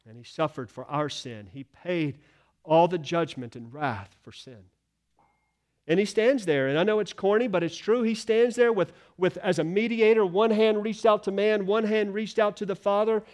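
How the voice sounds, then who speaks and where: A man preaches in a church sanctuary, his voice sitting high for a man. He drives his points home with emphatic declarations, then drops to hushed, quiet lines. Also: animated, normal speed. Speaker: pastor. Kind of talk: sermon.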